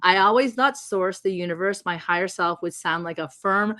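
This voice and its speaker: A woman podcast host with a mid-pitched voice gushes over her guest with eager warmth. Her sound is close and dry, with no room around it. She laughs easily and piles on praise. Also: moderate pace, no echo. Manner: effusive, gushing, laughs often. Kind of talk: enthusiastic interview chat.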